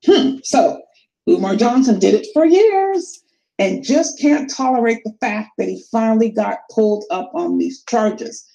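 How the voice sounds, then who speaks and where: A woman co-hosting a live call-in show, speaking firmly and emphatically, in a measured way. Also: a little high, lively intonation, gravelly, warm tone, rough recording.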